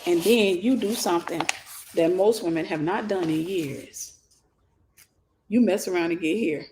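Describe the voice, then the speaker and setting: A woman minister giving an animated teaching sermon, acting out scenes and speaking straight to her listeners. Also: lowish voice, unhurried, slight background noise. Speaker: minister and mentor.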